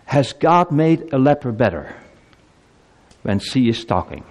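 A man's voice: medium pitch, big pitch swings, measured pace, pauses often, a little mellow, long reverb tail. A man giving a children's sermon, telling a story with animation and asking the children questions. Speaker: preacher.

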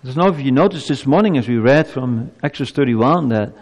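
Preaching briskly in a church, a male pastor swings his voice widely up and down. He drives his points home with emphatic rhetorical questions, and a long reverb trails each phrase.

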